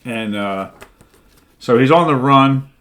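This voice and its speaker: A man's voice: mid-range voice, expressive, slow, fairly bright tone. A man co-hosting a show, retelling comic book plots in a rambling, casual way that is full of "like" and "right?". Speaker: co-host.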